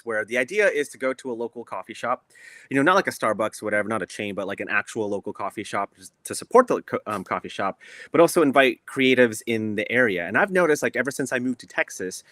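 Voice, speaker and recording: Upbeat guy chatting on a stream, bright forceful voice, super dry close mic. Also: mid-range voice, no echo. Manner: laughs easily, chatty and upbeat. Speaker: guest creator. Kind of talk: casual livestream chat.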